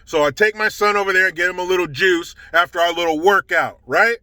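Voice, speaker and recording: Man telling a story, raised pitch, punchy bright tone, dry close sound, indignant and profane. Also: brisk, dry recording. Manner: indignant, heavy swearing. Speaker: storytelling vlogger.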